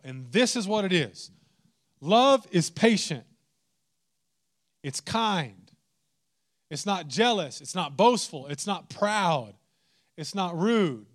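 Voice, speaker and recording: A man preaching a sermon, animated and humorous, swinging into mock exasperation. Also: high-pitched. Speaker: pastor.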